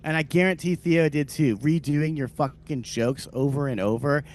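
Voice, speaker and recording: A man from the American South co-hosting a podcast, ranting profanely with big swings in loudness. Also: a little high, moderate pace, a little hiss or hum. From Southern US (Louisiana). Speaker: podcast co-host, comedian. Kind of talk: casual chat.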